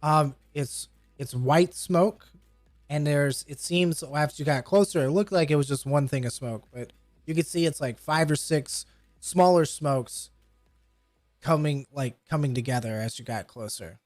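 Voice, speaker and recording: Patient game master talking rules. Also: male voice, fairly high pitch, measured pace, darkish tone, no room sound, clean studio sound, faint music behind. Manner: patient rules explainer, loose with fillers. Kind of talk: running a tabletop game over voice chat.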